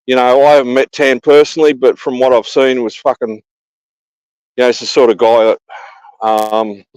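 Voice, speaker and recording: A rambling Australian man chats casually on a livestream and swears freely. His voice is pitched in the middle range and sounds dry and close, with little room around it. He circles back over the same points again and again. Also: level tone, moderate pace, a little mellow, clear, resonant tone, no room sound, rough recording. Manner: rambling, profane, repeats himself. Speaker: livestream guest. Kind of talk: casual chat.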